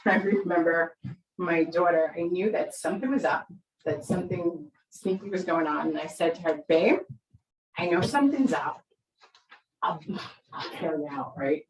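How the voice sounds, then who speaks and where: Her voice on the low side, a middle-aged woman addresses an audience about parenting, animatedly acting out voices in her stories. The recording is roomy and distant from the mic, with a little hiss or hum.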